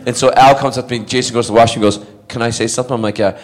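A middle-aged actor spins a loose, meandering anecdote for a crowd of fans. He often breaks into laughter and trips over his own sentence starts. His pitch sits at an ordinary male level. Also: steady tone, very fast. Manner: rambling storyteller, laughs often, restarts sentences. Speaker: actor answering fan questions. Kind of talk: anecdotal convention Q&A.

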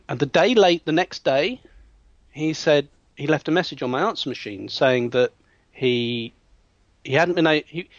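A man, a hypnotherapist telling a client story in an interview, lively and acting out voices with frequent restarts. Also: mid-range voice, no room sound. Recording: dull, dry sound.

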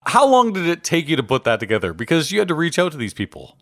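A man's voice: fairly high pitch, wildly swooping pitch, quick pace. A man in his fifties hosting a podcast interview, bantering like a stand-up comedian and laughing easily. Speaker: podcast host.

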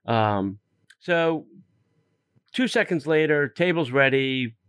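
A man's voice: fairly high pitch, animated, slow, fairly bright tone, smooth, no room sound, clean studio sound. A man hosting a podcast, telling a story in casual chat with fillers and exasperated asides. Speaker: podcast host.

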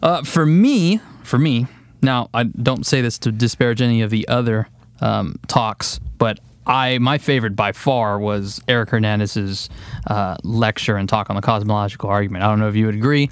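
A man's voice: fairly low pitch, normal speed, smooth, dry recording. A man hosting a podcast, chatting casually with many fillers and frequent laughs. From Texas. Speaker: podcast host.

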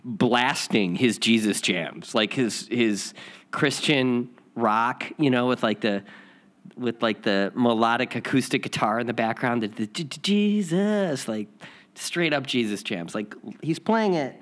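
A man's voice: medium pitch, a little slow, a bit bright. A man hosting a spiritual lesson, telling a rambling personal story with many restarts and repeats before reading.

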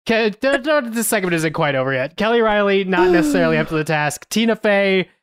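A man with a smooth, clear voice talks through a film review, rambling and hesitant. The sound is dry and close. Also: sits high, animated, a little fast, no echo. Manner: rambling, hesitant, many fillers. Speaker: podcast co-host. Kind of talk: casual film review chat.

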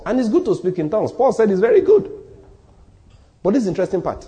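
Nigerian male pastor, fairly high, animated delivery, hammers points by repetition. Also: fast talker. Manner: emphatic preaching, repeats key lines, drops to near-whispers. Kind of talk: sermon.

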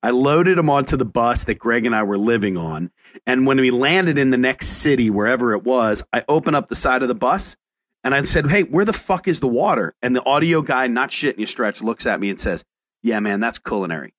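A man hosting a podcast as a chef. He talks casually in an animated, profane way and often stumbles into restarts as he tells stories. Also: mid-range voice, fairly quick. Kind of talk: casual chat.

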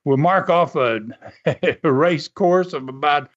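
Guy putting on a loud cocky little wrestler hollering brags, pitched up, muffled lo-fi sound. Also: slow pace. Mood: boastful. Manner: shouting, brash bragging. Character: loudmouthed cocky little male wrestler hustler. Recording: dull lo-fi podcast audio.

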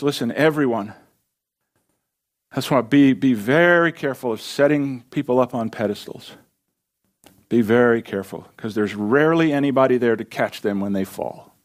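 Folksy preacher man. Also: mid-range voice. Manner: folksy, conversational preaching with asides to the congregation. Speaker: pastor. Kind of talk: sermon.

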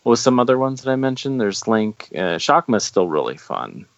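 Deep gravelly male podcast co-host. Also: big pitch swings, moderate pace, no echo, low-quality recording. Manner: rambling, full of ums and likes. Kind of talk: casual podcast chat.

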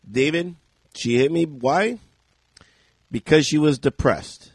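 A man co-hosting a podcast, telling a story in a casual, animated way, laughing often and shouting out the lines he quotes. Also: a little high, measured pace, pauses often, slightly rough, no echo. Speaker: podcast co-host.

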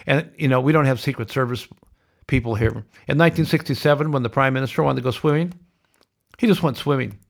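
Gravelly, sardonic podcast ranter. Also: male voice, mid-range voice, quick pace. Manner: ranting, sardonic, blunt. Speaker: podcast host. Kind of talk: opinionated podcast monologue.

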